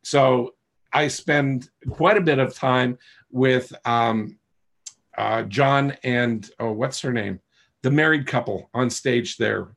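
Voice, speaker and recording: A man's voice: mid-range voice, takes it slowly, creaky, a bit bright. A man coaching a live online class, explaining patiently and often checking in with his listeners, over a video call microphone. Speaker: coach teaching a webinar. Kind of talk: live online teaching session.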